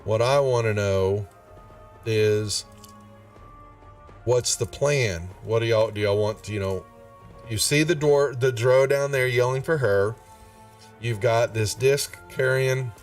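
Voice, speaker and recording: A man's voice: mid-range voice, slow, long pauses. A man running a tabletop game, folksy and drawling, chuckling often. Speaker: game master. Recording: a bit far from the mic, faint music behind.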